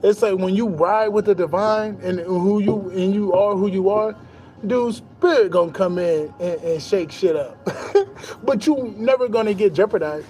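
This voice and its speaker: A young spiritual vlogger speaks casually to the camera in a boastful, animated monologue packed with slang and swearing. His voice is high and moves at a normal speed, and he laughs between lines now and then.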